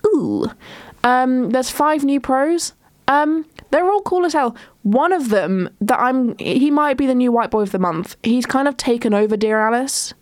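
A woman's voice: sits high, lively intonation, measured pace, no room sound. A young woman, hosting a casual solo chat show, rambling with lots of ums and restarts. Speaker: podcast host.

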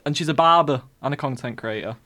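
A man's voice: mid-range voice, quick pace, pushed and bright. A man co-hosting a casual show, reading out odd news headlines and laughing between them. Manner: giggly, reads headlines aloud between laughs. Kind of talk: casual banter.

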